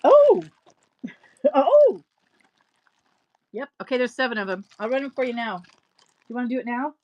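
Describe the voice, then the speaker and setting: A woman's voice: fairly high pitch, fast, muffled recording. Chatty woman hosting a live sale. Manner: rambling, animated storyteller, laughs often. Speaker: live-stream reseller host. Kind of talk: chatty live-selling stream.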